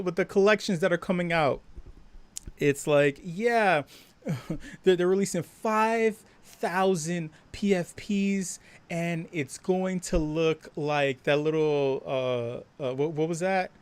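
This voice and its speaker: A man hosting a casual live stream. His voice sits a little high for a man and sounds dry and close, with no room around it. He swears freely, laughs often and breaks into animated acted-out quotes. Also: takes it slowly, clean tone, no room sound. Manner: profane, laughing, animated storytelling; acts out quoted voices louder and higher. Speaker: host.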